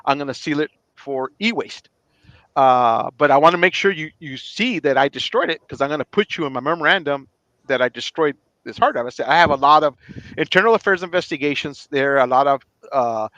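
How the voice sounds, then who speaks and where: A retired police chief, middle-aged, tells a story during a casual podcast chat, animatedly acting out the dialogue. His voice is on the high side and fairly quick, and the lo-fi recording has no echo.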